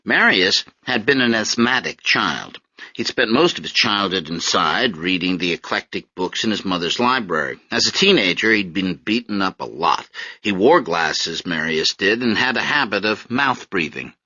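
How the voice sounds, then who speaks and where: A man reading an audiobook in an expressive storytelling manner. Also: low-pitched, moderate pace, slightly rough, dry recording. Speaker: audiobook narrator. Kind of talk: scripted narration. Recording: dull, dry lo-fi audiobook recording.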